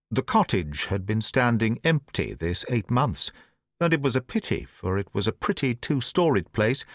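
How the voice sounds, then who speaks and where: Male audiobook reader: middle pitch, steady and deliberate, in a dry, close recording. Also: no room sound. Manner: measured, deliberate storytelling in first person. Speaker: audiobook narrator. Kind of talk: scripted audiobook narration.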